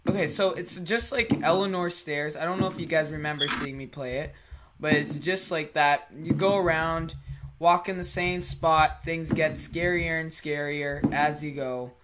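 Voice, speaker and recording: A YouTuber narrating a horror game from their own room, in a slow, mumbling play-by-play. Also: mid-range voice, steady tone. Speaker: gaming YouTuber. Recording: loud background noise.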